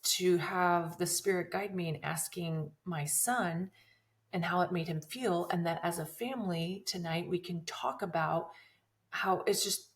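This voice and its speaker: A woman's voice: on the low side, measured pace. A woman in her thirties hosting a podcast, telling a personal story in an emotional, earnest way that rambles with many restarts. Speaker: podcast host.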